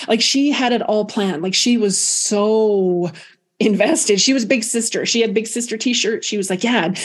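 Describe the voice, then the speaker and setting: A middle-aged woman, a guest on a podcast, telling a personal story in an animated, expressive way with many restarts. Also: medium pitch, moderate pace.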